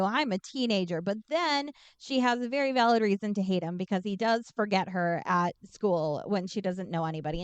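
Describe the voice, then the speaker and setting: A woman co-hosting a podcast, giving a casual, irreverent, profane recap of a film and tossing off quick character voices. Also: mid-range voice, smooth, no room sound. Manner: irreverent, swears freely, acts out characters in quick asides. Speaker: podcast co-host summarizing a film. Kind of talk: casual comedic movie recap.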